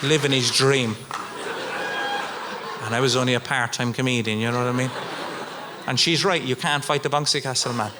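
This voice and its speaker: A middle-aged Irish man performing stand-up comedy, telling a story with swings from low mutters to high outbursts. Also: steady tone, moderate pace, long pauses, a loud crowd, heavy background noise. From Ireland. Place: live stage.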